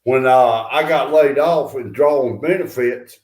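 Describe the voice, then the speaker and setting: A man's voice: medium pitch, a little mellow, echoey room, slight background noise. A man with a Southern accent who hosts a casual chat and talks bluntly, often laughing. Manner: slow drawl, laughing, blunt.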